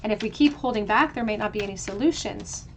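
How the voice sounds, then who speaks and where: A tarot reader gives a pick-a-card reading, talking in a flowing, reflective manner and frequently restarting her phrases. Her mid-range voice moves quickly, with a little hiss or hum in the audio.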